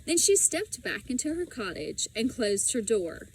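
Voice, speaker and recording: A woman reading a children's storybook aloud in a slow, expressive way. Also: fairly high pitch, a little hiss or hum, poor audio. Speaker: audiobook reader.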